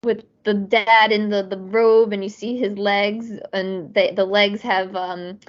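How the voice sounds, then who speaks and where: A woman's voice: mid-range voice, flat delivery, measured pace. A woman guest chatting casually on a podcast, rambling with lots of fillers and frequent laughs. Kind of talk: casual chat. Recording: dull lo-fi audio.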